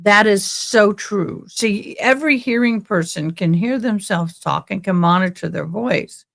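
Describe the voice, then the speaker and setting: Loud, animated woman hosting a trial commentary. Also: mid-range voice, unhurried, vocal fry. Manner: talks loudly, animated. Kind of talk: casual chat.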